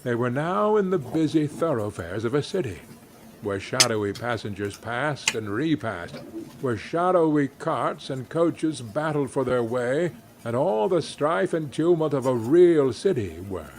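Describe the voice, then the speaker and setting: A man reading a classic story aloud in an expressive, unhurried way with occasional wry asides. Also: medium pitch, heavy background noise.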